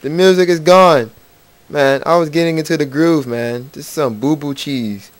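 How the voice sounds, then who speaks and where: A man's voice: on the high side, moderate pace, no echo. Rambling man narrating his gameplay. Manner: rambling, playful, talks to game characters. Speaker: gaming channel host. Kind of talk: casual let's play commentary. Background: faint game music.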